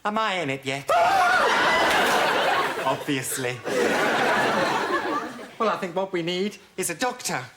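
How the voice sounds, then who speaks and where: Camp, arch man with a lively voice. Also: sits high, slow pace, pauses often, a loud crowd. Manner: camp, arch, full of saucy innuendo. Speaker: sitcom lead playing to a studio audience. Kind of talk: camp sitcom performance with audience interaction. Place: TV studio set before a live audience. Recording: TV studio with loud audience laughter and hiss.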